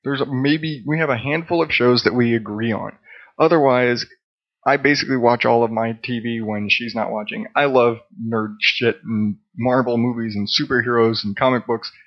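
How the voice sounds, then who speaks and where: A man's voice: medium pitch, fairly even intonation, normal speed, dull audio. A man hosting his own podcast, talking casually in a rambling, profane, self-deprecating way. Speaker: podcast host. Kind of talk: casual solo monologue.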